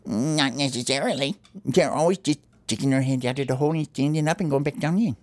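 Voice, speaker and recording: A man's voice: mid-range voice, fast talker, a little hiss or hum, close to an everyday voice. A man doing a jumpy squirrel. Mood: defensive. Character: jumpy male squirrel, hungry, briefly grouchy. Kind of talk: home-made pretend play.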